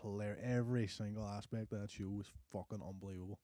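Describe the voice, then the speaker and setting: A young man, co-hosting a casual podcast chat and swearing freely as he gets animated. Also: lowish voice, quick pace. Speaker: podcast co-host.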